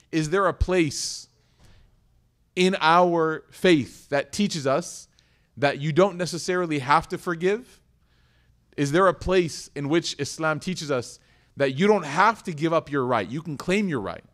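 Animated man giving a religious lecture. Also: a little high, moderate pace. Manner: animated, asks the audience questions and acts out quoted voices. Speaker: Islamic lecturer. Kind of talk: lively religious lecture to a live audience.

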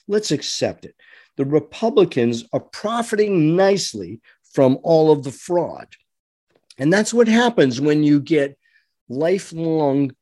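A man's voice: a little high, warm tone, dry recording, clean studio sound. A man delivering an impassioned political monologue, preachy, with rhetorical questions and mocking voices. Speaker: political commentator.

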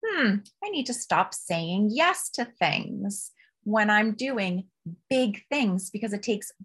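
A woman speaks as a podcast guest, telling personal stories in a frank, heartfelt way. Her voice sits at a middle pitch, and she talks openly and with plenty of expression. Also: takes it slowly, husky. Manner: open, emotional, expressive. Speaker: podcast guest, business coach. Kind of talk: candid personal storytelling.

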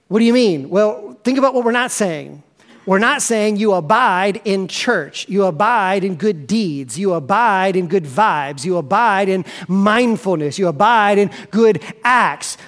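A male pastor delivers a sermon in a lively, conversational way, building pictures with stories. His voice is very high for a man, and he often drops in "man" and "right.". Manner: animated storytelling, conversational, repeats "man" and "right".

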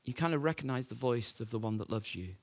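A male preacher tells a story to his congregation in an easy, chatty way. He asks rhetorical questions and drifts between loud, lively moments and quiet ones, his voice at an ordinary middle pitch. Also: quick pace. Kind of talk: sermon.

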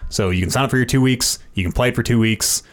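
A man's voice: mid-range voice, fast talker. A man hosting a casual podcast chat, swearing freely and laughing often. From Canada. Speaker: podcast host.

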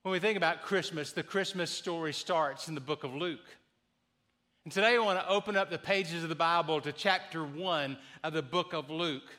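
A man in his sixties preaching a sermon, earnest and deliberate, sometimes restarting his sentences. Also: a little high, pushed and bright. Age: 60s. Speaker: pastor.

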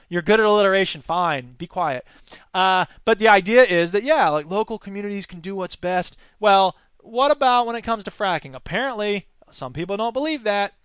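High-voiced sarcastic male news host. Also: fairly quick, smooth, no room sound. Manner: sarcastic, animated asides. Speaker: podcast host. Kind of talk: news commentary podcast.

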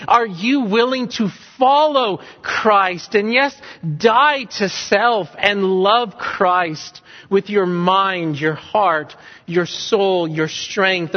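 Male pastor, slow deliberate sermon, fairly high voice, long church reverb, kinda dull sound. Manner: earnest, repeats questions for emphasis. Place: church sanctuary.

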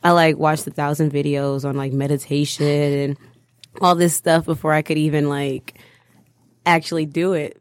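A young woman with a Michigan accent chats loosely, leaning on filler words and laughing often. Her voice sits low for a woman and the sound is dry and close. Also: level tone, moderate pace, no room sound. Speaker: podcast co-host. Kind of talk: casual chat.

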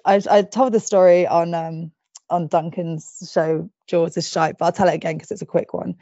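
A chatty woman with a lowish voice tells stories on her podcast, laughing at herself as she goes. The recording is dull and dry. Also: fairly even intonation, normal speed, dark tone, no room sound. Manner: chatty, laughs often, self-deprecating. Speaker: podcast co-host. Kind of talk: casual chat.

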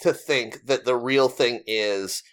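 A man co-hosting a casual podcast, with a voice of middling pitch. He teases his co-hosts with dry, deadpan jokes and often breaks into laughter. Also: slow, clear, resonant tone. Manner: dry, teasing humor with frequent laughs. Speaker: podcast co-host. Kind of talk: casual chat.

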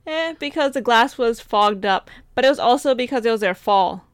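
A young woman recounting a trip in relaxed casual chat, laughing now and then. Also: a little high, brisk, clear, resonant tone, dry recording, studio quality. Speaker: travel storyteller.

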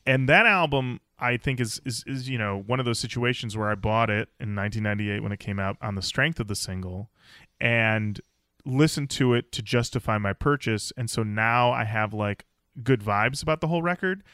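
Male podcast co-host, bright clean tone, rambling chatty delivery, dry close sound. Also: mid-range voice, moderate pace, no echo. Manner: rambling with restarts and fillers. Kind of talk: casual chat.

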